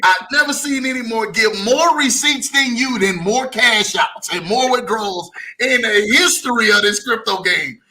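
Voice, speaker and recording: A man hosting a talk show, hyping up his guest in slangy, excited chat. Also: very high voice, normal speed, hardly any pauses. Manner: hyped, slangy, hypes up the guest. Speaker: show host. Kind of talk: casual interview chat.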